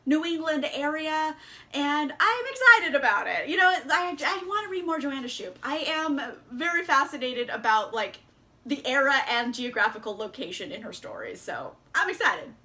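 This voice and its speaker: A bubbly woman chats her way through a book haul, giggling often and filling pauses with "like" and "um". Her voice sits high and sounds bright and sharp, and the talk stays casual and upbeat. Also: expressive. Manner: bubbly, giggly, chatty with many fillers. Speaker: book vlogger.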